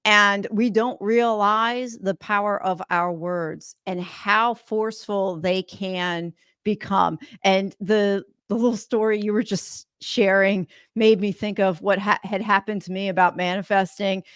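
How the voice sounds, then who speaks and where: A woman's voice: medium pitch, steady tone, unhurried, few pauses, fairly bright tone, smooth, no echo, clean studio sound. A woman podcast host from South Carolina, sharing an earnest, reflective story in casual chat.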